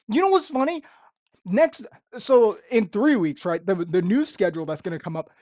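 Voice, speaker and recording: A woman's voice: a little high, no echo. A young woman, a restaurant busser, ranting in a vlog monologue with sarcastic exasperation and repeated phrases. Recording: dull, lo-fi and dry.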